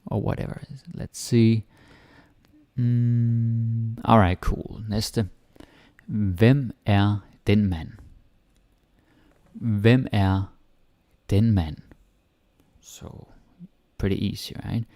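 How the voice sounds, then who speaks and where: A man from Denmark with a Danish accent teaches an online language lesson in a dark, mellow, gravelly voice. He talks slowly and casually, repeating short example phrases. The sound is close and dry. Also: fairly low pitch, fairly even intonation, no room sound.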